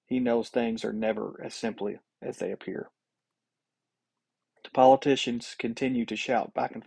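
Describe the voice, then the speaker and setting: Guy narrating a sci-fi story, husky voice, middle pitch, steady and dramatic. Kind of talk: scripted narration.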